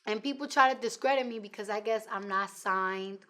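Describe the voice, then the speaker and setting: A woman's voice: medium pitch, fairly quick. A woman in her twenties with a New York accent, a rapper talking bluntly and profanely in a casual interview. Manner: blunt, profane, animated storytelling.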